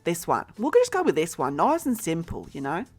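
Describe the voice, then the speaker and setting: A woman's voice: fairly low pitch, huge pitch swings, brisk, darkish tone, slightly rough, faint music behind. A woman streaming a life-simulation game, chatting bluntly to herself and viewers as she furnishes a store. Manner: chatty and blunt, talks to herself while building. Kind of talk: casual gameplay commentary.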